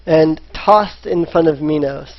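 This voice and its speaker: A man narrating a tabletop role-playing game as dungeon master, in an unhurried storytelling manner. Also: on the high side. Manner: unhurried storytelling, voicing characters in quotes. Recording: dull lo-fi voice chat.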